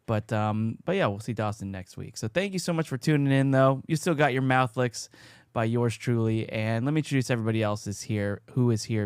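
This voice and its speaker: A man from the USA hosting a casual podcast chat, upbeat and jokey, often trailing off quietly at the ends of his sentences. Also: mid-range voice, a little fast, smooth, no room sound, clean studio sound. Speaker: podcast host. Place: home studio, Long Beach, California. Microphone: podcast mic.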